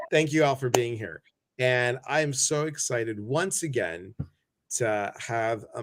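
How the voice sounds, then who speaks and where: Brief: male live-stream host, casual and animated, greets viewers by name. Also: medium pitch.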